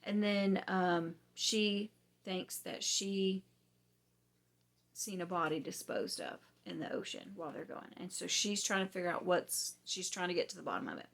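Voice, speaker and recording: A woman hosting a casual book review, chatty and rambling with many ums, her voice going hoarse. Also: lowish voice, animated, normal speed, fairly bright tone. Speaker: book reviewer, channel host.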